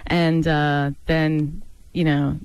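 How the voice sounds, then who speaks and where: A woman's voice: sits low, level tone, extremely slow, a little mellow, clean tone. Laughing, self-mocking comedian woman. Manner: self-deprecating, laughing often. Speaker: comedian guest. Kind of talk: casual chat.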